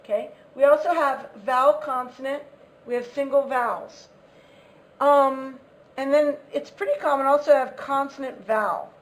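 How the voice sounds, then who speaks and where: A woman's voice: high voice, normal speed. A woman English teacher giving a lesson, patiently explaining, repeating key words and checking if students follow.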